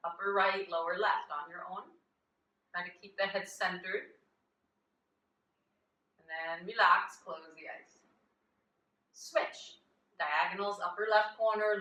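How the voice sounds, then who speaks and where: A woman yoga teacher guiding a live chair yoga class with gentle, chatty instructions and easy laughs. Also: mid-range voice. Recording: echoey room, voice from a distance.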